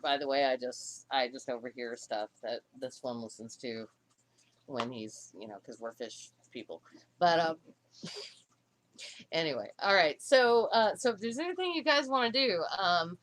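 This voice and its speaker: A woman co-hosting a livestream, talking in a halting, emotional way with many restarts. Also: deep voice, a bit bright. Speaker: livestream co-host. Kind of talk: casual livestream chat.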